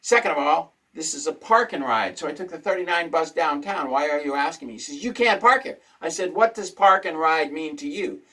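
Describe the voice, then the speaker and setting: A man's voice: a little high, a little fast, few pauses, bright, forceful tone, poor audio. A man hosting a casual talk show, ranting indignantly and repeating his points for emphasis. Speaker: host.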